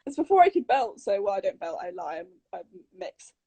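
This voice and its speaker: A woman's voice: medium pitch, sing-song, fairly quick, dark tone, slightly rough. A young woman, chatting casually as a guest vocal coach on a phone livestream, bubbly, rambling and self-mocking. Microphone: phone on a video livestream.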